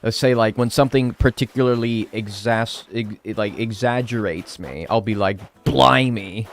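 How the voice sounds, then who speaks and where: A man's voice: fairly low pitch, normal speed, slight background noise. An American man chatting casually on a live stream while playing a game, joking around and swearing freely.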